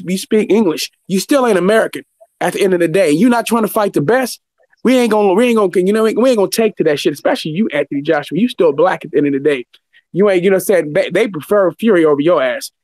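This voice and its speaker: A man's voice: high-pitched, a little mellow, no room sound. A man ranting heatedly about boxing, profane and fired up. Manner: profane, fired-up, talks fast. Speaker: guest commentator.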